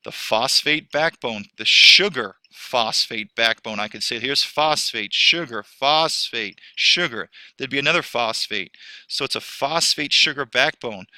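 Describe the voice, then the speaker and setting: A man's voice: mid-range voice, sharp tone, no echo. A man teaching a screen-recorded lesson, rambling and correcting himself as he talks through each step.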